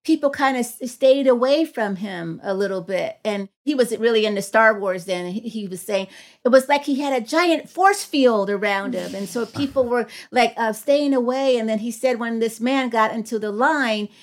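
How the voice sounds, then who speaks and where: A middle-aged woman speaking as a podcast guest, her voice sitting a little high for a woman. She tells a personal story earnestly and reflectively, lifting her voice higher whenever she quotes someone. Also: moderate pace. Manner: earnest, reflective, acts out dialogue in a raised voice. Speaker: guest, psychology professor.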